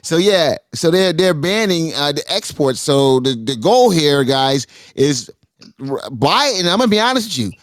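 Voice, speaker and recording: A man's voice: fairly high pitch, big pitch swings, normal speed, no echo, clean studio sound. A man on a live panel talking casually, rambling with many fillers and growing emphatic. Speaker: panel guest.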